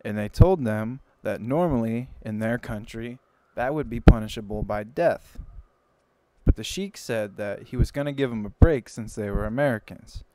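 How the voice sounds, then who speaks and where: A man's voice: mid-range voice, normal speed, dark tone, slight background noise, rough recording. A young man livestreaming and telling a long joke in a rambling, self-interrupting way. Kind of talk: casual joke telling on a live stream.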